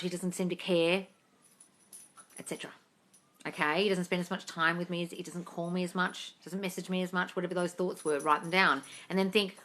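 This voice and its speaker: A woman's voice: fairly low pitch, bright, forceful tone. A woman doing a casual live Q&A, reading viewer questions aloud and answering them in a breezy, blunt way, calling people darling and swearing offhandedly. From Australia. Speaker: manifestation coach on a live stream.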